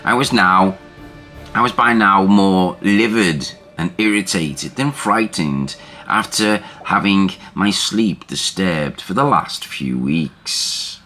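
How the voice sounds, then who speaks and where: A man reads a first-person haunting tale in deliberate, unhurried scripted narration. His voice sits very low yet carries a bright, forceful edge. Soft music plays faintly underneath.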